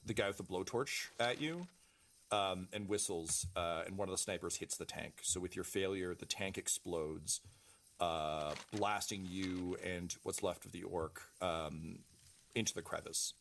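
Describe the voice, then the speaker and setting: Deep-voiced, halting game master. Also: male voice, creaky, fairly bright tone, a little hiss or hum. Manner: halting, full of ums and uhs, casual swearing. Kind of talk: narrating a tabletop game.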